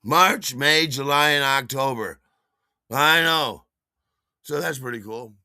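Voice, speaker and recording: A man's voice: medium pitch, slow, bright, forceful tone, smooth, no echo, studio quality. A man hosting his own show, telling a story casually in a rambling way with frequent chuckles and repeated words. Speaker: podcast host.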